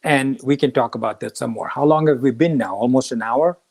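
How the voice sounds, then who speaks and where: A man hosting a talk on the Gita, telling a story and acting out the quoted lines with lively shifts of voice. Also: mid-range voice, fairly quick. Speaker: podcast host teaching the Gita.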